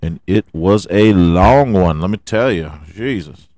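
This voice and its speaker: A man's voice: sits low, animated, unhurried, a little mellow, dry recording. A man hosting a casual solo podcast, rambling and joking with plenty of swearing. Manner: rambling, profane, jokey. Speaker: podcast host.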